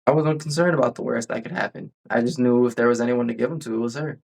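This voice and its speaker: A man's voice: medium pitch, fast, gravelly, a little mellow. Guy rambling through a story on a podcast, lots of restarts, chill chat. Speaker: podcast host. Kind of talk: casual chat.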